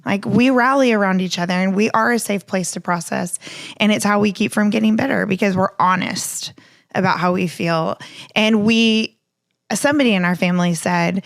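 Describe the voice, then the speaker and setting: A woman in her thirties, co-hosting a casual chat about faith and family, earnest and animated, acting out the things people said to her. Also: medium pitch, moderate pace, vocal fry, no echo, clean studio sound. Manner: earnest, animated, acts out quoted remarks. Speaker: podcast co-host.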